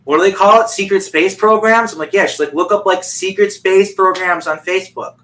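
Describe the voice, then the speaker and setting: A man's voice: high voice, fairly quick, a bit bright, low-quality recording. A man on a video call telling a long personal story in a rambling way, full of fillers and restarts. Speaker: guest.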